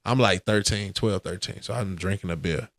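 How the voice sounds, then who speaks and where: Profane, animated man telling stories. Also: low voice, normal speed, no room sound. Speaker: podcast co-host. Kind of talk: casual storytelling chat.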